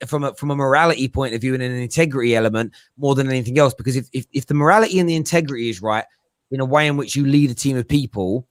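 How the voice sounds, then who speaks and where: A man chatting casually as a football podcast pundit, animated and joking, slipping into mimicking voices. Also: mid-range voice, very fast, dry recording.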